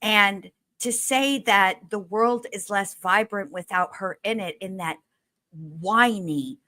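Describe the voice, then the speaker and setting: A woman's voice: mid-range voice, slow, bright, forceful tone. A woman co-hosting a casual true crime chat, talking bluntly and swearing as she gets heated. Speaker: true crime podcast co-host. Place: home studio, livestream.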